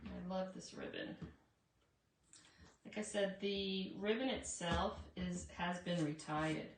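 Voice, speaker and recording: Woman, live craft host, chatty asides, slightly high voice, distant mic, echoey room, faint background noise. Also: takes it slowly. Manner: chatty, addresses viewers as guys, frequent asides. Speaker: craft shop owner and live-stream host. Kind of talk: casual live craft demo. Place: her craft shop.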